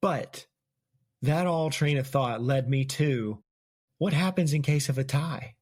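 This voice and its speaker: A man's voice: a little high, unhurried, a little mellow, dry recording, clean studio sound. A man hosting a casual book-discussion podcast, chatty and laughing often as he retells scenes. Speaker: podcast host.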